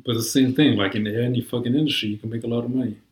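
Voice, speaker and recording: A man's voice: mid-range voice, fairly even intonation, very fast, echoey room, poor audio. A man in casual chat, talking in a rambling, profane way full of "like" and "you know".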